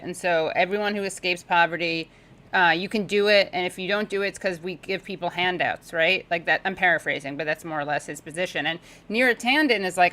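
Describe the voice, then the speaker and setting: Sarcastic woman guest, bright forceful tone, lowish voice, chatty political talk. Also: poor audio. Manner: sarcastic, talkative, quick asides. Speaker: podcast guest. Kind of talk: casual political discussion.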